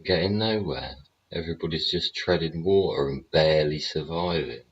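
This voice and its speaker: A man's voice: a bass voice, normal speed, breathy edge. A man hosting a show, ranting bluntly and sarcastically with heavy swearing. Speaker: show host. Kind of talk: ranting livestream commentary. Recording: dull lo-fi audio.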